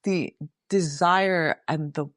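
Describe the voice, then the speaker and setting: A woman's voice: lowish voice, slow, no room sound. A middle-aged woman hosting her own podcast, talking candidly and casually, swearing freely and calling her listeners y'all. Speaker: podcast host. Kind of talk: casual reflective monologue.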